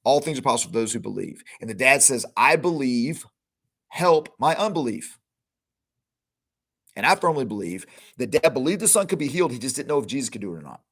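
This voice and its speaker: A middle-aged man hosts a podcast and gives a Bible teaching in a conversational, informal way. His voice sits at a medium pitch. He acts out the lines of the people in the stories he retells. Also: big pitch swings, very fast, hardly any pauses, fairly bright tone, husky. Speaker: podcast host teaching scripture.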